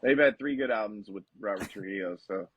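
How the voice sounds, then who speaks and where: A man chatting casually on a podcast, animated and profane, acting out quotes in put-on voices. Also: on the low side, a little fast, husky, no echo, muffled recording. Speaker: podcast guest.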